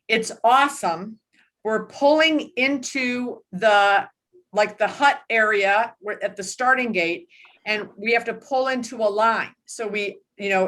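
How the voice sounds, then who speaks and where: Lively woman in her sixties telling a story. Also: on the high side. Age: 60s. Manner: animated anecdote telling with laughs. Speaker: book club host. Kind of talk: casual storytelling in a group discussion.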